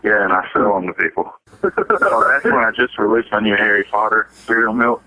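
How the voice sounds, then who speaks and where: A man's voice: lowish voice, steady tone, a little fast, sharp tone, no echo. A man, co-hosting a podcast and telling rambling, profane joke stories in casual chat. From Alabama. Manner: rambling, profane, joking storyteller. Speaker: podcast co-host. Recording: dry, phone-like lo-fi audio.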